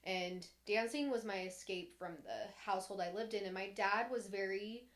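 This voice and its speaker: A woman's voice: medium pitch, moderate pace. A young woman speaks in an everyday middle-range voice, telling a personal story on a podcast. Her delivery is candid and meandering, with frequent fillers and false starts. When she quotes someone, her voice sharpens. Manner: candid, rambling, frequent "like" and restarts. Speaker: podcast co-host.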